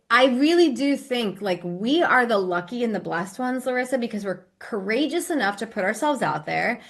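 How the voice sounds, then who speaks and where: A woman's voice: on the high side, fairly bright tone. A middle-aged woman hosting an interview podcast, effusive, enthusiastic and motivational in casual chat. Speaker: podcast host and coach.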